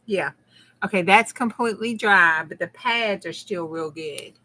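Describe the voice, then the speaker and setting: A woman's voice: mid-range voice, measured pace, pushed and bright. A middle-aged woman with a Southern US accent, chatting casually with her viewers during a crafting stream and laughing often. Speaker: crafting channel host. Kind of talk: casual crafting livestream chat.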